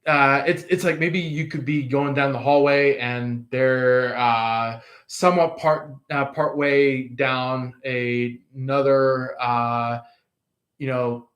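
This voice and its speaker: A man's voice: medium pitch, fairly even intonation, slow pace, fairly bright tone. A man giving a casual tarot reading, rambling with many fillers and restarts. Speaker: tarot reader.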